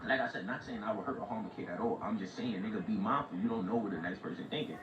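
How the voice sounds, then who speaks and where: A man's voice: on the low side, quick pace. Man telling a story in street slang, echoey lo-fi. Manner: animated street slang, repeats "like" and "right?". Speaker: livestream host telling a story. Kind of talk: casual storytelling. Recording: far-off echoey lo-fi mic with noise.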